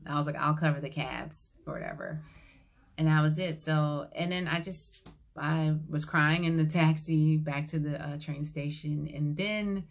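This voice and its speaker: A woman with a low-pitched voice, vlogging, tells her viewers a personal story in a casual way. She acts out the dialogue calmly and reflectively.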